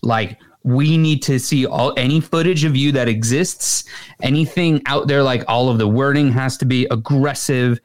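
A man guesting on a podcast in casual chat, animated and analytical. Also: medium pitch. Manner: animated, analytical, quick to act out quotes.

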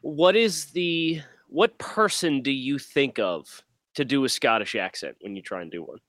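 An easygoing man co-hosts a sports podcast over a video call, at an ordinary male pitch. He talks loosely and jokes around, with the odd "uh." The recording is dry and close. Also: animated, measured pace, a bit bright, no echo. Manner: easygoing, joking, some fillers. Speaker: podcast co-host. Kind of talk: casual sports podcast chat.

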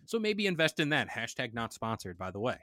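The same young co-host sounds very animated and fairly quick now, his medium-pitched voice pushed and bright in clean studio audio with no room sound. Still joking and rambling, he leans on plenty of fillers.

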